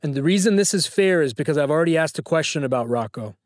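A man's voice: on the high side, lively intonation, fast talker, no echo, studio quality. A man hosting a phone-in trivia quiz, teasing and joking with callers. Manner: playful, teasing. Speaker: trivia show host.

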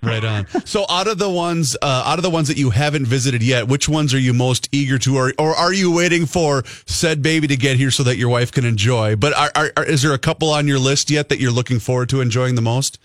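A man's voice: mid-range voice, fairly quick, hardly any pauses, dry recording, clean studio sound. A man hosting a casual radio talk show, chatty and rambling with many restarts. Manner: rambling, lots of restarts and fillers. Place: radio studio.

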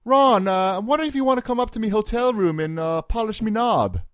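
A man putting on a high, exaggerated British accent to play a pompous executive making a prank call. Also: very animated, fairly quick, smooth, no room sound, studio quality. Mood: mocking. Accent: put-on British. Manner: exaggerated high cockney put-on.

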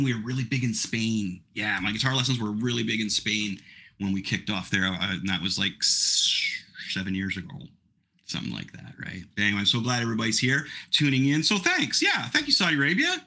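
A man's voice: mid-range voice, vocal fry, sharp tone, breathy edge. A middle-aged man hosting a podcast, chatting casually in a rambling, self-mocking way. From Canada. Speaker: podcast host. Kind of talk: casual chat.

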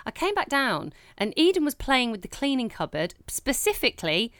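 A young woman chats as a podcast co-host, telling animated stories with laughter and the odd swear word. Her voice is bright and smooth, swinging widely in pitch, and the sound is close and dry. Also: moderate pace, dry recording. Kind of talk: casual chat.

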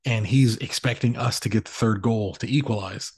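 A man in his thirties co-hosting a podcast, rambling through animated stories with plenty of swearing. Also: lowish voice, moderate pace, slightly rough, no echo. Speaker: podcast co-host. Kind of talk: casual chat.

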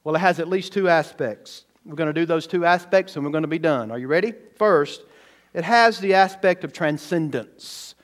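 High-voiced preaching man. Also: normal speed. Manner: emphatic preaching with rhetorical questions and repetition. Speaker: pastor. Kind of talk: sermon.

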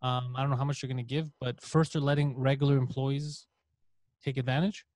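A man's voice: mid-range voice, flat delivery, fairly quick, a little mellow, dry recording. A man in a casual podcast chat, talking in scattered bursts with casual swearing. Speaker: comedian podcast host.

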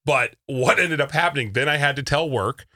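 A man co-hosting a radio show, telling stories in casual, animated banter. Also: on the high side, a little fast. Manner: animated storytelling. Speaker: radio co-host.

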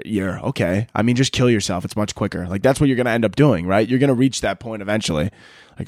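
A man's voice: on the low side, animated, quick pace, a little mellow, no room sound, studio quality. A young man hosting a podcast, ranting casually and sarcastically with lots of swearing. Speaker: podcast host. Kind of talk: casual solo rant.

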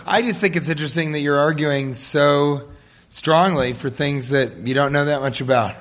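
A man's voice: fairly high pitch, moderate pace, background noise. A man co-hosting a comedy podcast before a live audience, riffing with dry jokes. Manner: dry joking, riffs with mock voices. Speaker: podcast co-host. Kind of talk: casual comedic chat.

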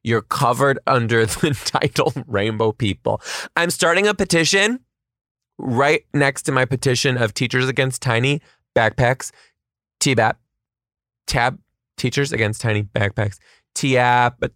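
Animated man hosting a comedy podcast. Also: mid-range voice, no room sound, studio quality. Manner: animated, exclaiming, quick asides and repeated rhetorical questions. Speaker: podcast host and schoolteacher. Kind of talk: comedic solo podcast monologue.

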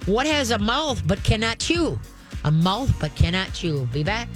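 A woman's voice: medium pitch, very animated, unhurried, loud music behind the voice. A woman hosting a call-in radio show about dogs, giving training advice and acting out growls and dog voices as she talks.

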